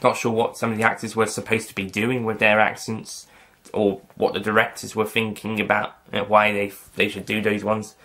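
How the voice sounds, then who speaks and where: Rambling, lowish-voiced male film reviewer. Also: monotone, a little fast, pushed and bright. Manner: rambling, self-correcting, light joking asides. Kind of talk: casual spoken review.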